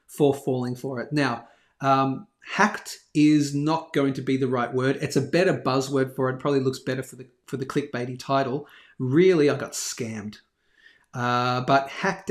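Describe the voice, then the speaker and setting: A man hosting a live stream, casually telling a rambling, self-deprecating story. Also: medium pitch. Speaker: host of a daily live bullion show. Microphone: live stream over a phone hotspot.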